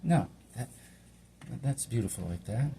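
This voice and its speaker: A man's voice: mid-range voice, lively intonation, unhurried, warm tone, a little hiss or hum. A middle-aged man from Hawaii chatting in a meandering, casual way while cooking, talking to himself as he works. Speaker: home cook and channel host. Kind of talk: rambling casual cooking vlog.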